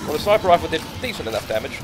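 A man's voice: fairly high pitch, sing-song, rapid-fire, music in the background. A man casually commenting on his gameplay, sarcastic, easily annoyed and swearing a lot. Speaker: let's play gamer.

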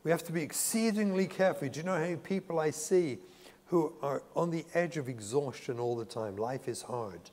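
A man's voice: a little high, brisk, a little mellow. A man, a psychotherapist, giving an earnest, emphatic lecture to a religious audience and repeating key phrases for weight. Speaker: psychotherapist and speaker. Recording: long hall reverb.

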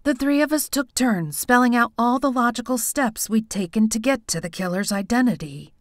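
A woman reading a first-person audiobook in an expressive, animated way, close to the mic. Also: on the high side, normal speed, dry recording. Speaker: audiobook narrator.

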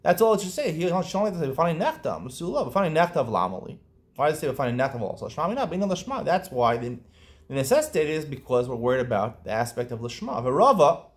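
A man teaching a Talmud lesson, explaining quickly and lifting into a chanting lilt on quoted Aramaic, with frequent restarts. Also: medium pitch. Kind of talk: daf yomi study lesson.

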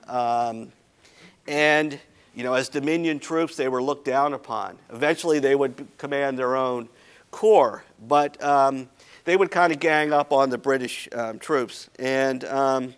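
An American man lectures on history in a relaxed, conversational way, peppering his talk with ums and restarts. His voice is smooth and resonant, sitting at an ordinary middle pitch. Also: a little slow. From United States. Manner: casual, conversational, many fillers and restarts. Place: lecture hall.

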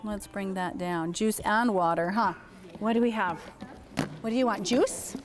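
With music playing behind her, a woman with a mid-range voice teaches baby sign language indoors, speaking a little slowly. She cheerfully coaxes and praises toddlers and chats with the parents.

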